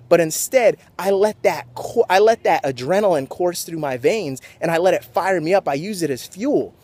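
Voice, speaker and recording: A young man giving an energetic motivational talk to camera, just off a sports game. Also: high-pitched, husky. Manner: energetic, pumped up, preachy. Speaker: motivational vlogger.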